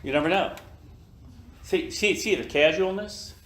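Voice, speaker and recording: An older man giving a slow, emphatic motivational talk to his team in an office meeting room, now and then acting out little scenes in other voices. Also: high-pitched, a bit bright. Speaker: business leader speaking to his team. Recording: echoey room.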